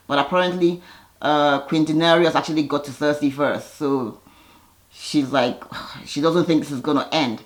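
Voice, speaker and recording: A woman recaps a TV episode in a relaxed, conversational way. She is animated and chatty, with restarts and fillers. Now and then she briefly mimics the characters' lines. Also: low voice. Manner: animated, slips into quick impressions of characters. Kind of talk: casual retelling of a TV episode.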